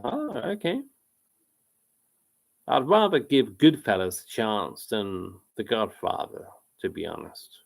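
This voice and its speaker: A man's voice: lowish voice, very animated, takes it slowly, gravelly. A man hosting a live quiz stream, reading out chat comments and rambling casually about films, often breaking off mid-sentence and laughing.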